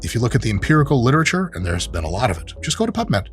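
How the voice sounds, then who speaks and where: A man's voice: medium pitch, very animated, very fast, faint music behind. A man who is a sport science professor, commenting brashly and with profanity in a video review.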